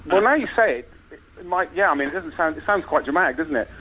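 A man in his forties telling a comic story on a chat show, laughing often as he pitches a film idea. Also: animated, fast, bright, forceful tone, breathy edge, highs cut off.

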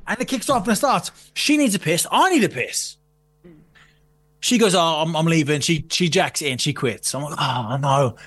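A man's voice: a little high, animated, moderate pace, fairly bright tone. A man telling a story in casual chat, swearing freely, acting out quotes and laughing often. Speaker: guest.

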